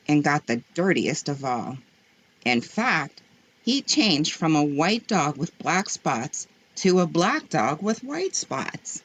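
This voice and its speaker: Lady reading kids stories, low husky voice, slow and super expressive. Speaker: storyteller. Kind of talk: children's story read-aloud.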